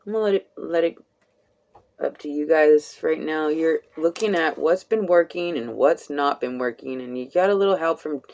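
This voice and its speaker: A woman's voice: sits low, darkish tone. A woman giving a casual live tarot reading, chatty and laughing often, with casual swearing. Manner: slow, drawn-out delivery. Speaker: tarot reader.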